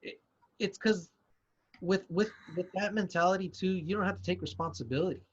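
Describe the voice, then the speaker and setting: A man's voice: high voice, fairly quick, husky, dull audio. A man co-hosting a podcast, explaining his points casually with many "you know"s and restarts. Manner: hesitant, many fillers and restarts, explains with examples. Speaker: podcast co-host. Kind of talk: casual chat.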